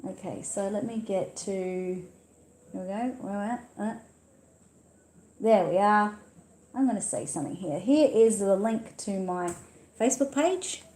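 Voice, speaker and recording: A woman's voice: mid-range voice, measured pace, pauses often, dark tone, echoey room. An Australian woman hosting a casual livestream, chatting and reading viewer comments aloud at her computer. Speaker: livestream host.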